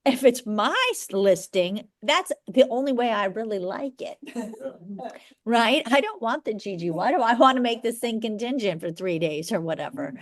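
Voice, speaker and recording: A middle-aged woman leads a live training class for agents. Her voice sits a little high. She talks bluntly and briskly, stopping often to check that the room follows her. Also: animated. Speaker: real estate broker teaching agents.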